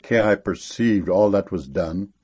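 A man reading Bible verses aloud in a solemn, measured way. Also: low voice, a little mellow, breathy edge, muffled recording. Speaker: scripture reader.

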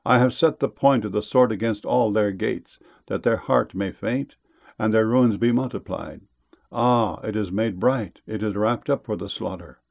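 A man reading scripture aloud in a solemn, measured way, slowing down on the cries of "Ah". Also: lowish voice, gravelly, darkish tone. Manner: solemn, slow on each "Ah, Lord God".

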